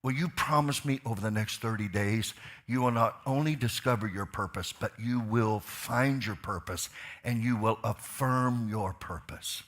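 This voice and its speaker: Fired-up pastor with a bright voice. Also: male voice, mid-range voice. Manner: swings from quiet asides to loud, fired-up preaching; asks the crowd questions, repeats lines for emphasis. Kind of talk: sermon. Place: church sanctuary.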